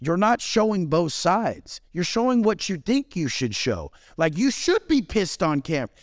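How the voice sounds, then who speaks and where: A man's voice: high voice, sing-song, moderate pace, dry recording, studio quality. A man speaking as a podcast guest in brash, intense, profanity-heavy casual chat.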